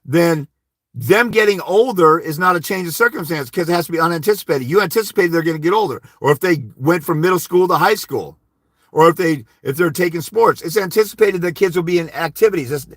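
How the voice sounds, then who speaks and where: Man, blunt, profane, anecdotal, slightly high voice, dry close-mic sound. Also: expressive, a little fast, fairly bright tone, dry recording. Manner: blunt, profane, tells anecdotes with quoted dialogue. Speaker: host of a fathers' rights livestream. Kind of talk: casual livestream advice.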